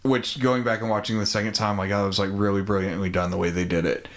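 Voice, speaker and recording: Low-voiced laid-back man retelling a film. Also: flat delivery, fast talker. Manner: laid-back, profane, many ums and likes. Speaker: podcast co-host. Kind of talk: casual chat retelling a film.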